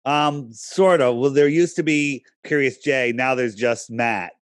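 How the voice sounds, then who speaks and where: A man's voice: medium pitch, a little slow, no room sound, clean studio sound. A man as a podcast guest, talking in a casual interview, emphatic and persuasive, often pressing his points with rhetorical questions.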